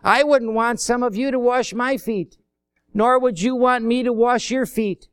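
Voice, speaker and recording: High-voiced slow-preaching man. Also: clean tone. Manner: folksy, acts out little dialogues. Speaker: pastor. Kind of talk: sermon.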